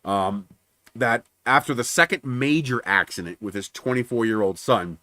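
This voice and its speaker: A man's voice: mid-range voice, normal speed, sharp tone, dry recording. A man hosting a livestream, casually telling a long story, acting out both sides of phone calls and swearing freely. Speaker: livestream host.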